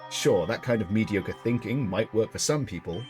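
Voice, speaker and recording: A man playing a gruff young gang leader. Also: fairly low pitch, expressive, over music, lightly acted. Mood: taunting. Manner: gruff, challenging, quick. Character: tough young biker gang leader, blunt. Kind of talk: reading a visual novel aloud.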